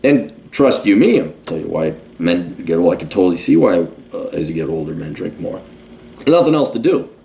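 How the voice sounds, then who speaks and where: A man in his late forties delivering a blunt, profanity-laced rant as a podcast host. His voice swings widely in pitch, jumping high when worked up and dropping low and quiet, in a loose, casual monologue. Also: expressive, brisk, creaky, hardly any pauses, a little hiss or hum. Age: 40s.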